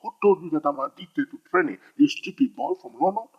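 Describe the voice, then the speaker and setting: A prickly trader in denial snaps back in a pitched-up, husky voice, as a man puts him on mid-lesson. The sound is dull and lo-fi. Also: very animated, brisk, heavily acted. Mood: indignant. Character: defiant male trader denying his addiction. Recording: dull lo-fi recording.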